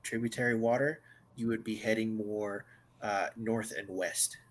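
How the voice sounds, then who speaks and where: A man narrating a tabletop game as game master, slow and halting with many fillers. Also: lowish voice, fairly even intonation, a little hiss or hum.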